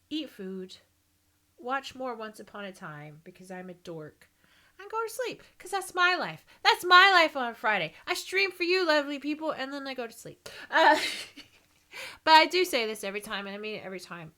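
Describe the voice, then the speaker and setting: A woman's voice: on the high side, bright, forceful tone. A woman in her thirties from Texas with a light Texan American accent, chatting and giggling her way through a rambling stream sign-off. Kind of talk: casual stream chat.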